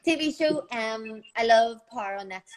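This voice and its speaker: A woman's voice: a little high, moderate pace, a crowd in the background. Chatty young Northern Irish woman. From Northern Ireland. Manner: chatty, lots of fillers. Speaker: guest. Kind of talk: casual live video chat. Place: home. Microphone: video call.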